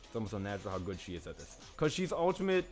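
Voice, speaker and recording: A man streaming a live game playthrough, excitable and swearing as he yells at the characters. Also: on the low side, rapid-fire. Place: home streaming setup. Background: game music.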